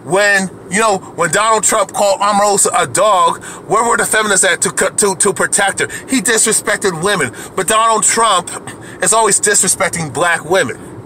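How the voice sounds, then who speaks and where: A man's voice: sits high, moderate pace, pushed and bright, a little hiss or hum. A man delivering an angry, profane rant to camera as a video commentator, heated and repetitive, often restarting his sentences.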